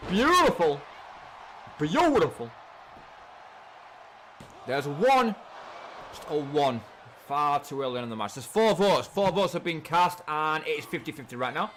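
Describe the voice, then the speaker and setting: Excitable English man commentating a stream. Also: on the high side, measured pace, long pauses, a little hiss or hum. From England. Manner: excitable, swears freely, repeats himself. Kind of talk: casual live-stream game commentary.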